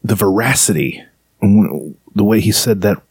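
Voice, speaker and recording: Low-voiced sarcastic rambling man. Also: unhurried, a little mellow, breathy edge, no room sound. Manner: rambling, sarcastic, lots of fillers. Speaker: podcast host. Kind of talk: casual chat.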